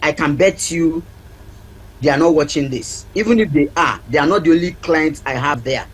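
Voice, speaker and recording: A man's voice: fairly high pitch, moderate pace, slight background noise, low-quality recording. A man with a Nigerian accent, a family counselor giving advice on a TV talk show, emphatic and repeating key points like a teacher.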